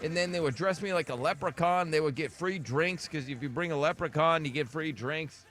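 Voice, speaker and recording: A man's voice: fairly high pitch, a little fast, fairly bright tone, soft background music. A man hosting a morning radio show, joking and telling playful stories in casual banter.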